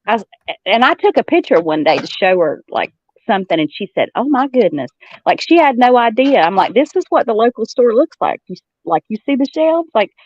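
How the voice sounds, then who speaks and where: A Southern woman with a Southern accent chats casually as a guest, telling stories, acting out the voices of the people in them, and laughing often. Her voice is a little high, sing-song, and fairly quick, recorded with no echo and the highs cut off.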